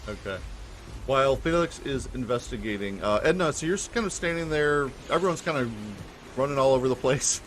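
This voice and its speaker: Male game master, average pitch, loose and halting narration. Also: lively intonation, fairly bright tone. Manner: casual, hesitant with fillers.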